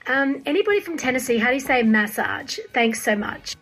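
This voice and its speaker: Tribute performer, woman, high animated voice, playful how-to demo. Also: a little fast, faint music behind, rough recording. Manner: playful, demonstrative, laughs at herself. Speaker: tribute performer of a famous country singer. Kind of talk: demonstrating an impression voice.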